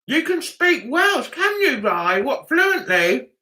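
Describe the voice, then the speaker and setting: A woman's voice: high-pitched, very animated, slow, bright, forceful tone. An English woman hosting a casual livestream, chatting and answering viewer comments aloud, often laughing. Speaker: livestream host.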